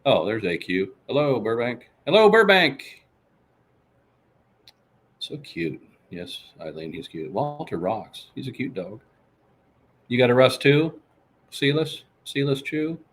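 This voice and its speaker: A man's voice: medium pitch, animated, measured pace, husky. A man hosting a casual live show, reading viewer comments and boasting about himself in the third person. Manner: reads out and answers viewer comments. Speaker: podcast host. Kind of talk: casual live-stream chat.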